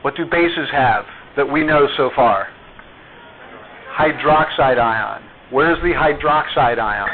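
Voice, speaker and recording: Slow-talking man teaching chemistry. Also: medium pitch. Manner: quizzing students, slow and deliberate. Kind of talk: classroom lecture with questions to students. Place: classroom. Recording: tinny phone-like classroom recording.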